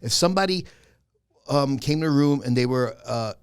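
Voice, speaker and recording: A man's voice: medium pitch, moderate pace, clean tone, no room sound, clean studio sound. A man, a podcast guest telling stories in casual chat and laughing often. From the Bronx, New York. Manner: energetic storyteller, laughs often.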